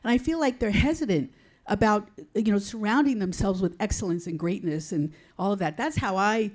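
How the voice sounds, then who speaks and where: A woman's voice: medium pitch, fairly quick, a little mellow. A woman investor in a conference audience, speaking enthusiastically and emphatically.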